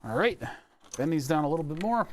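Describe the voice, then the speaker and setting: A man's voice: on the high side, sing-song, fairly quick, a little hiss or hum. A young man from the Delaware County area of Pennsylvania, talking casually to himself as he works on an electronics build, rambling and playful with words. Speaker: electronics hobbyist vlogger. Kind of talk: casual talk while working.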